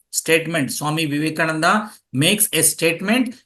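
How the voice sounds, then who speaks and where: A man teaching a class, explaining slowly and repeating key phrases for students taking notes. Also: high-pitched, expressive, bright, forceful tone. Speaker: yoga teacher. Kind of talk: classroom lecture.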